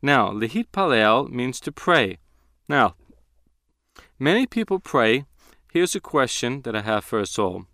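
A man teaching a Bible lesson on Hebrew words, speaking deliberately and slowing down to stress key words. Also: mid-range voice, big pitch swings, bright, forceful tone, no room sound, clean studio sound.

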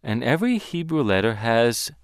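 A man giving a Hebrew Bible lesson in a clear, resonant voice. He talks deliberately and with emphasis, slowing down on the words he wants to stress. The sound is dry and close. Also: mid-range voice, sing-song, no echo. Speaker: Bible teacher.

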